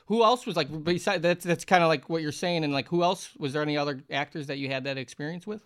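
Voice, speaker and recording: A man's voice: fairly high pitch, quick pace, fairly bright tone, smooth. A man co-hosting a casual podcast chat, rambling with lots of fillers. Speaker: podcast co-host.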